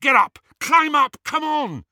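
Frantic bossy teen witch girl, man doing the voice: shrill, urgent shouts, lively pitch swings. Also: unhurried, dry recording, clean studio sound, exaggerated voice. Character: frantic teenage schoolgirl witch, bossy and quick.

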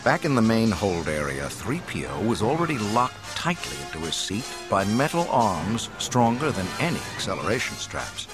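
A man narrating an audiobook in a dramatic, expressive storytelling manner. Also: fairly low pitch, normal speed, few pauses, over music. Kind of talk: scripted narration.

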